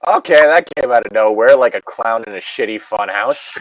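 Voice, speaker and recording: A man's voice: medium pitch, expressive, moderate pace, no room sound, highs cut off. A man co-hosting a podcast, reading a story with casual banter, long-winded and joking. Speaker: podcast co-host and story reader. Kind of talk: casual comedic chat.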